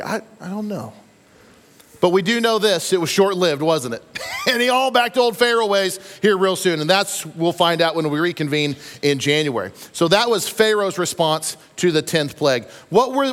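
Guy preaching a sermon, acts out every quote, big reverb from the church room. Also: high-pitched. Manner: animated storytelling, acts out quotes. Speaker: pastor. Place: church sanctuary. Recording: long reverb of a church hall.

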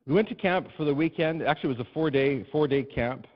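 A man's voice: on the high side, quick pace. Man preaching a story-driven sermon, lo-fi. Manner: emphatic, building to loud repeated refrains. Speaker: pastor. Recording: dull lo-fi recording.

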